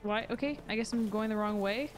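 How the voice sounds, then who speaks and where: A woman's voice: a little high, a little fast. Chatty, sarcastic woman streamer. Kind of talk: casual let's-play commentary. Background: game music.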